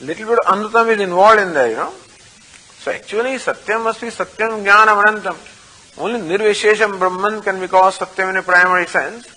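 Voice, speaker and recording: Husky older man teaching scripture. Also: high-pitched, bright, forceful tone, low-quality recording. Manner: explains slowly with many "you know" fillers, chants Sanskrit. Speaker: Vedanta teacher. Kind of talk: scriptural study class.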